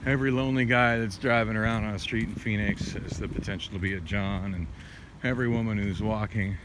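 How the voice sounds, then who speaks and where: A man's voice: on the low side, steady tone, a little fast. Man rambling on a windy night walk. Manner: rambling, many restarts and fillers, candid and profane. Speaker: vlogger. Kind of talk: rambling late-night walking vlog. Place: city street at night, outdoors, walking. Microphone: handheld phone. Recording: windy outdoor phone audio.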